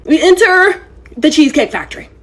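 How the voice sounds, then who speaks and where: A woman recounts a wild date in a storytime vlog. Her voice is high and strikingly lively, leaping up and down as she dramatizes each moment, with an exasperated edge. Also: brisk, slight background noise.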